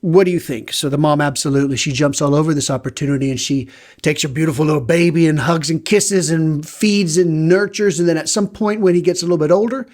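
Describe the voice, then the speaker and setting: A man's voice: on the high side, fairly even intonation, quick pace, darkish tone. A man hosting a podcast, retelling a Bible story in a loose, chatty way and acting out the characters' lines.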